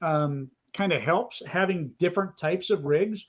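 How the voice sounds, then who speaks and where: A man with a fairly high voice explains things step by step in a relaxed live chat. His audio comes through a dull, lo-fi video call line. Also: unhurried. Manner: explanatory, walks through pictures on screen. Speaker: co-host.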